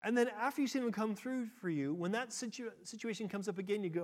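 A middle-aged man preaching a sermon, acting out quotes with big leaps in pitch and moving between quick and slow delivery. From United States. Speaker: pastor.

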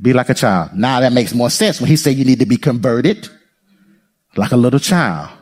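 A man's voice: mid-range voice, normal speed, husky. A man preaching a sermon as pastor, calling out to the congregation and acting out voices. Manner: animated preaching, calls to the congregation, acts out voices.

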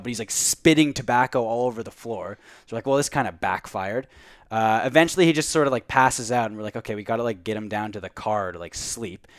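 A man's voice: medium pitch, no echo, clean studio sound. A young man in his twenties, a podcast co-host, telling a long anecdote in casual chat, with lots of "like" and "uh".

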